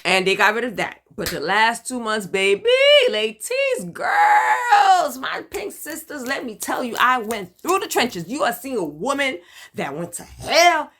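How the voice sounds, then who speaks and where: A middle-aged woman from Brooklyn with a Brooklyn accent, chatting in a candid video diary, animated and dramatic, hyper and talkative. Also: moderate pace. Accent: Brooklyn, New York. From Brooklyn, New York. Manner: animated, dramatic, with emphatic swings in pitch and loudness. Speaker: vlogger sharing her cancer journey.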